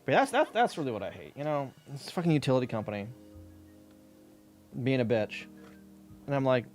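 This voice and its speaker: A man's voice: mid-range voice, sing-song, fairly quick, pauses often, darkish tone, soft background music. A man streaming while scanning old workbooks, ranting about a utility bill in casual, heavily profane chat.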